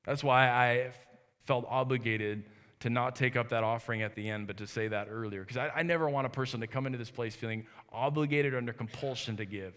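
In a reverberant church sanctuary, a pastor in his thirties preaches with earnest, conversational warmth, restarting phrases as he goes. His mid-range voice is a bit bright and moves a little fast.

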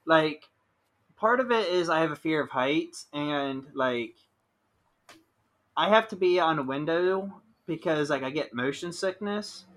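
A man's voice: on the high side, fairly bright tone. A young man co-hosting a podcast, telling rambling stories with lots of "like" in casual chat. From Ohio, USA. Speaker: podcast co-host.

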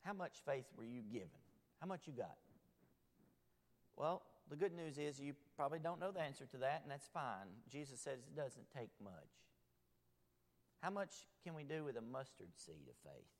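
A man preaching a sermon from a church sanctuary, swinging between loud bursts and hushed, quiet passages. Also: mid-range voice, very animated, moderate pace. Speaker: pastor. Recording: long hall reverb.

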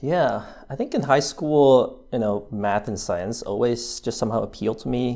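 A man's voice: medium pitch, normal speed, creaky, mellow. A man in his thirties with an American accent, talking through his background in an interview, hesitant, with many fillers and restarts. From New Zealand. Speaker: interview guest. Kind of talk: casual interview.

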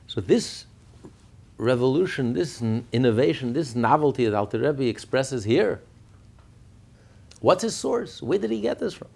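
A man gives a Torah lesson with a husky, gravelly voice. His pitch swings widely as he tells the story and asks rhetorical questions. He acts out every quoted speaker as he goes. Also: very animated, moderate pace, long pauses, a little mellow. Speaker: rabbi teaching. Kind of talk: Torah class.

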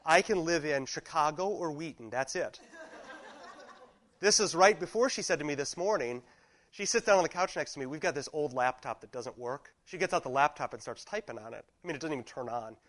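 A man's voice: a little high, lively intonation, fairly quick, a bit bright, rough recording. A man, a teacher in his thirties, chatting casually to a class, rambling through anecdotes and cutting himself off mid-sentence. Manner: rambling, anecdotal, self-interrupting.

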